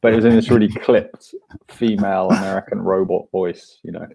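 Deep rough-voiced guy, super gravelly, husky, joking around and laughing. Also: steady tone, brisk, mellow, rough recording. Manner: wry, joking, laughs often. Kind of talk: casual conversation.

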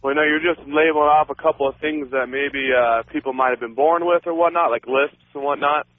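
A man's voice: fairly high pitch, fairly even intonation, brisk. A man phoning in to a radio talk show, chatting casually with the host. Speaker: caller. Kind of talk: phone-in call. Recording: tinny phone line.

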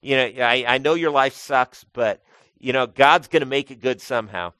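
A man preaching a sermon in a conversational way, calling his listeners folks and swinging between loud emphatic lines and quiet asides. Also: medium pitch, normal speed, no room sound. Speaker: pastor.

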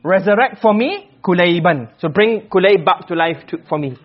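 A man teaching Arabic grammar to a class, asking questions and answering them himself, and reciting verses slowly. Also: sits high, lively intonation, highs cut off. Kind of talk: classroom lecture.

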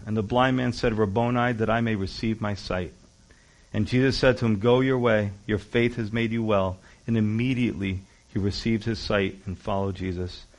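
A man preaching a sermon, pastor-style, acting out scripture quotes with rising and falling loudness. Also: mid-range voice. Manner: animated preaching, acts out Bible quotes with shifting loudness.

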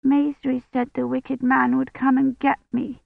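A frightened little girl with a quavering voice, pitched well above the woman who reads her. She clings and sounds tearful and small. The sound is dry and tinny, like a phone line. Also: flat delivery, measured pace, creaky, no room sound, full character voice. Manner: quavering, high childlike voice.

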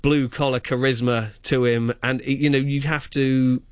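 A man's voice: medium pitch, little pitch movement, a little slow, smooth, no room sound. Enthusiastic man reviewing a film on radio. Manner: enthusiastic, rambling with fillers. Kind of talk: casual radio chat.

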